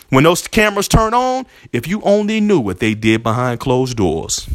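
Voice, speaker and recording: A man's voice: high voice, a bit bright, no room sound, studio quality. A man hosting a religious podcast, talking in an emotional, preacherly way and repeating himself as he thanks his listeners. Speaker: podcast host. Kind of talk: heartfelt religious podcast talk.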